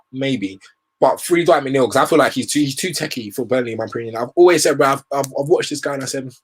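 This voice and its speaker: A man's voice: mid-range voice, husky. A young man hosting a football show, giving rambling, opinionated commentary in casual slang.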